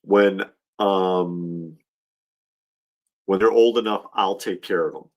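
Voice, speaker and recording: Low-voiced man chatting on a livestream. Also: fairly even intonation, slow pace. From Georgia, US. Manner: rambling, heartfelt, restarts often. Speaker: livestream host. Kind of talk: casual livestream chat.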